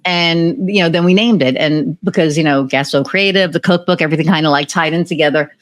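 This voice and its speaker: Woman, podcast guest, lively storytelling, acts out quotes. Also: low-pitched, fairly quick. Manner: animated, acts out remembered dialogue; many fillers and restarts. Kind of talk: casual storytelling interview.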